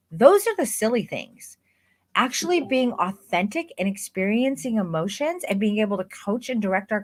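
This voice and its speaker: A woman teaching boudoir photography, coaxing and directing poses, then talking emphatically and swearing freely. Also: mid-range voice. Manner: energetic, coaxing, profane, emphatic. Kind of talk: online course, live demonstration of posing.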